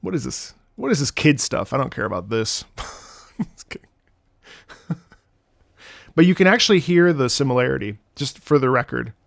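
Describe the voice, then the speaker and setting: Man, late thirties, streamer, gravelly, casual rambling chat, jumps between topics. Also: medium pitch, fast, few pauses. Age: late 30s. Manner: excitable, swears freely, jumps between topics. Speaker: streamer reacting to game music.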